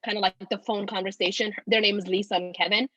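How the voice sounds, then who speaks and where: A woman's voice: mid-range voice, steady tone, quick pace, a bit bright, no echo, highs cut off. A woman in her twenties, teary and rambling, telling a personal story with many "like"s. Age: 20s. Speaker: guest.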